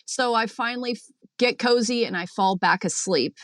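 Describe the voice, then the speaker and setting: A woman calling in from a boat, telling her dream in a chatty, animated way with lots of fillers, acting out what people said. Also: a little high, normal speed, dry recording, studio quality. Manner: chatty, animated storyteller, many fillers, acts out quotes. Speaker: caller. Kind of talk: recounting a dream on a call-in show.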